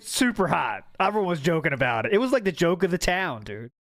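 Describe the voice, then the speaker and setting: Joking male reaction host; high, bouncy delivery. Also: very animated, fast talker, a bit bright, no echo, clean studio sound. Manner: joking, laughs often. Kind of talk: casual commentary.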